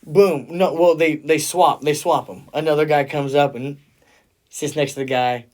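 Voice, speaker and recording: A man's voice: on the high side, steady tone, moderate pace, darkish tone. A man in casual podcast chat, animatedly telling a story with frequent swearing and laughter.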